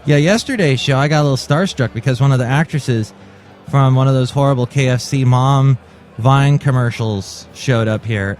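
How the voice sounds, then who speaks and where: A man's voice: medium pitch, normal speed, a little mellow, soft background music. A man in his forties hosting a comic solo podcast, telling stories in a wry, jokey way. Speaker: podcast host.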